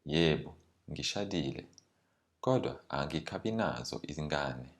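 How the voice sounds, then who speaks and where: A polite woman learner introduces herself in a scripted language lesson dialogue, read by a man. The reading is plain and careful, with little acting. The voice sits extremely low. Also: animated, normal speed.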